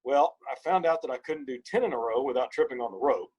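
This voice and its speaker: Husky-voiced man telling an animated story. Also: medium pitch, quick pace, highs cut off. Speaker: podcast guest. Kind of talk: casual storytelling conversation.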